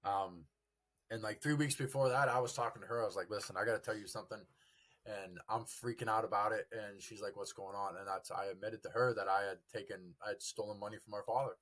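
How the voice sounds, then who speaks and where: Earnest low-voiced man telling recovery story. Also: fairly even intonation, a bit bright. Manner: earnest, halting, quotes family dialogue. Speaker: podcast guest in recovery.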